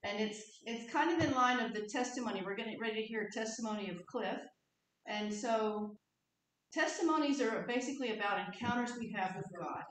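A woman pastor telling a story in a relaxed, conversational sermon. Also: fairly high pitch, a little fast, a little hiss or hum. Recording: echoey church hall from far off.

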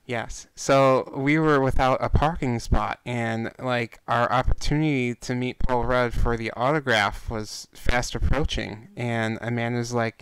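A man with an exceptionally clear, smooth voice at an ordinary pitch. He co-hosts a casual podcast, telling stories in a relaxed, easygoing way. His voice is recorded dry and close. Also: a little slow, few pauses, dry recording, low-quality recording. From Chicago area. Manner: relaxed, easygoing storyteller with fillers. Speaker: podcast co-host.

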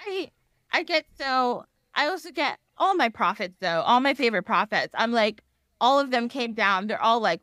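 A woman talking as a podcast guest in casual chat, rambling and animated, often laughing and acting out quoted voices. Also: fairly high pitch, moderate pace, dry recording, clean studio sound.

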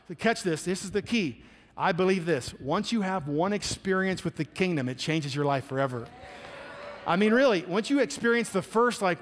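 A man's voice: high voice, fairly quick, in a large hall. A man preaching a sermon as pastor, telling stories and acting out the people in them. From United States. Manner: storytelling, acting out quotes in animated voices.

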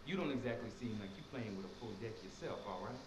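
An actor voicing a suspicious, condescending police deputy in a horror game. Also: male voice, mid-range voice, lively intonation, fast talker, a little mellow, natural voice. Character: suspicious, smug small-town deputy. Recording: echoey, distant, noisy game audio.

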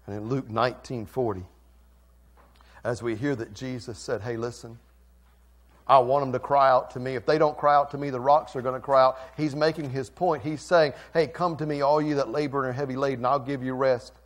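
A male pastor preaching a sermon, swinging from quiet, intimate lines to loud, fervent ones. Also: mid-range voice, fairly even intonation, brisk. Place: church sanctuary.

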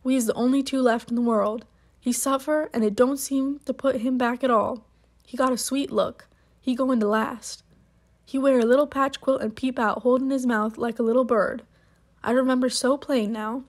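A woman's voice: a little high, fairly even intonation, a little mellow, close to an everyday voice. A woman reading as a solemn, dignified old countrywoman. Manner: dialect speech, slow and stiff. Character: elderly rural woman, solemn, dignified, proud.

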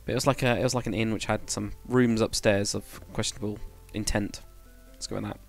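A man's voice: on the low side, fairly even intonation, fairly quick, vocal fry, faint music behind. A man chatting casually to viewers on a live stream, rambling and correcting himself as he goes. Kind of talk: casual live-stream chat while building.

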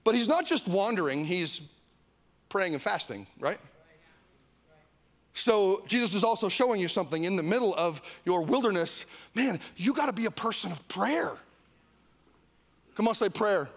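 A man from Iowa preaching a sermon as a pastor, animated, with mock voices and calls for the crowd to repeat. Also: high-pitched, moderate pace, pauses often. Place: church service.

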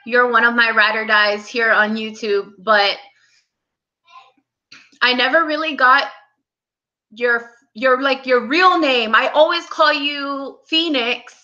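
A young woman hosting a casual live stream, speaking softly and close to tears as she greets viewers by name. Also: fairly high pitch, lo-fi sound. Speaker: livestream host.

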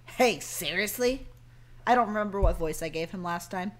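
A woman's voice: medium pitch, moderate pace. A woman streamer chatting casually and joking with her audience while playing a game. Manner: joking, banters with chat and cohost. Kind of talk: casual gameplay chat.

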